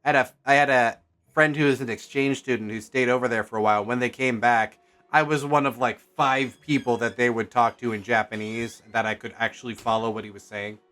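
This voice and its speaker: A man streams a game and chats casually, thinking out loud as he plays, wandering off topic and correcting himself along the way. His mid-pitched voice is steady, a touch bright, and a little quick.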